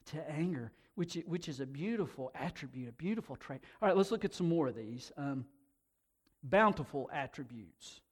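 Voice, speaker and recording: High-voiced animated male preacher. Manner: animated, often repeats words and swings between soft and loud. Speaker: pastor. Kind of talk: sermon to a congregation.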